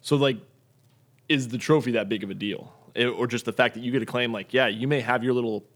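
Fast-talking man asking probing questions. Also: mid-range voice, fairly bright tone. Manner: probing questions, many fillers like "like" and "right?". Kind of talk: casual group chat.

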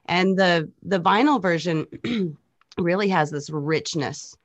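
A woman's voice: on the low side, takes it slowly, no echo. A young woman, a DJ and producer, chatting casually in an interview and explaining technical details as she tells stories. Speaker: DJ and music producer, guest.

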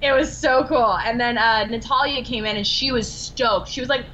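A woman guest on a podcast interview, telling animated stories full of acted-out quotes and laughter. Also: on the high side, moderate pace, dull audio, slight background noise. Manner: bubbly, animated storytelling with quoted dialogue and laughs. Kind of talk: casual interview chat.

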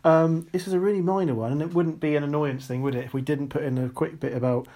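A man co-hosting a casual podcast, venting in an animated, mock-exasperated way. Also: a little high, quick pace. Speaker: podcast co-host. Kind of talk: casual chat.

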